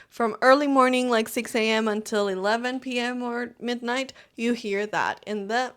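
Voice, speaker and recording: A woman co-hosts a podcast in an easy, chatty way, with a voice a little higher than most. She is expressive and acts out the sounds she heard along the way. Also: normal speed, few pauses. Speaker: podcast co-host. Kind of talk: casual chat.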